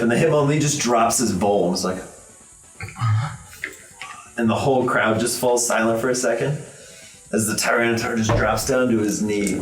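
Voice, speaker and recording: A young man narrating as game master of a tabletop game, animated and laughing often, with many fillers. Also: mid-range voice. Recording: roomy room, far from mic, faint music.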